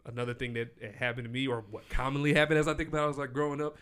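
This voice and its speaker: A man's voice: medium pitch, very fast, clear, resonant tone. A man co-hosting a podcast in casual chat, telling stories animatedly with lots of "like" and "bro". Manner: animated storytelling with frequent "like" and "bro". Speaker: podcast co-host.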